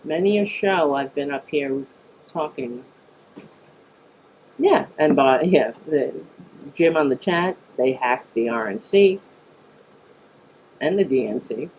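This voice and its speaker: A woman's voice: sits low, lively intonation, takes it slowly, long pauses, darkish tone, slight background noise. A woman hosting a live political talk stream, reading news items and making blunt, profane asides, on a mic that sounds tinny. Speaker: political talk show host.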